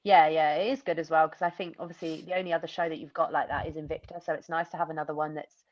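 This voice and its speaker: A young British MMA fighter with a deep voice chats quickly in a casual interview, rambling and animated, full of fillers and quoted asides. The audio sounds dull.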